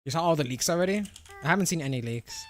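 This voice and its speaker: Over faint background noise, a young male streamer chats with viewers at a quick clip, his voice on the high side with lively intonation. He lisps slightly on R and W sounds, laughs a lot, and keeps restarting as he rambles through replies to chat.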